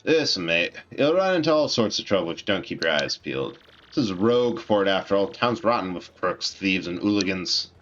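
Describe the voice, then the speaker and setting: A man voicing a gruff male townsman in a mock French accent, warning about trouble. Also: sits low, expressive, fairly quick, a bit bright, dull audio, faint music behind.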